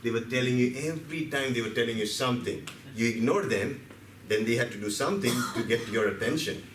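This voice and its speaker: A man's voice: medium pitch, quick pace, fairly bright tone, slight background noise. A man from India, giving a playful, story-driven health lecture and asking the audience questions. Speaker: health speaker. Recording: roomy hall, distant mic, faint background.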